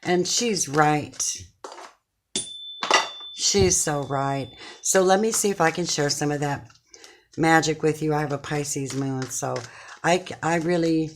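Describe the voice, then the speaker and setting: A woman's voice: low voice, a little hiss or hum. A middle-aged woman giving a casual tarot reading to her viewers from her chair at home, talking in an effusive, affectionate, chatty way. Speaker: tarot card reader.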